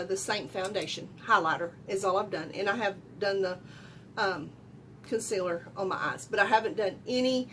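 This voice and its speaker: A middle-aged woman giving a casual makeup tutorial at home, chatty and loud, often asking viewers questions. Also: medium pitch, a little hiss or hum. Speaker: beauty vlogger.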